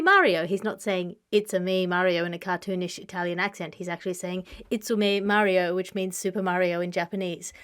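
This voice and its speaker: A woman hosting a comedic news podcast with dry, deadpan wit, recorded over a video call. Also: on the low side, clear, resonant tone. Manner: dry, witty, deadpan delivery. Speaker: host. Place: home, remote video call.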